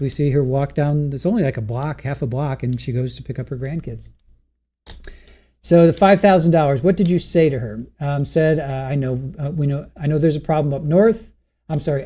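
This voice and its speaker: On a live stream, a male trial commentary host with a mellow, somewhat high voice chats casually about the day's testimony. He recounts what witnesses said and puts questions to his chat to hear their opinions.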